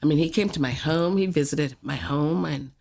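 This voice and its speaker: A woman's voice: sits low, normal speed, creaky, a little mellow. A woman from California, a podcast guest talking casually and reflectively, sometimes searching for the right word. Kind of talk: casual conversation.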